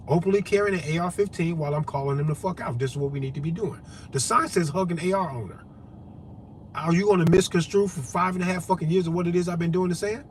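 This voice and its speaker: Man with a high-pitched voice, swearing, emphatic, repetitive, preaching to camera over faint background noise. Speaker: vlogger and activist. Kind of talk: impassioned monologue to camera.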